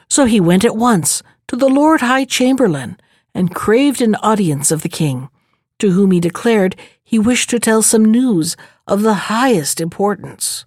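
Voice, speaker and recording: A woman reading a fairy tale aloud in a measured, expressive storybook narration. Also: mid-range voice, no room sound, studio quality.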